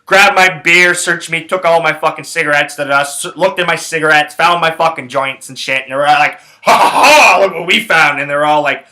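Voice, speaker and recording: A young man from Canada, host of his own show, rambles through a story and swears in nearly every line. His voice sits a little high and sounds bright and forceful. He talks casually, restarts his sentences and jumps back and forth, getting loud and animated as he tells it. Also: a little fast, hardly any pauses. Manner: profane, rambling, animated retelling. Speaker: podcast host.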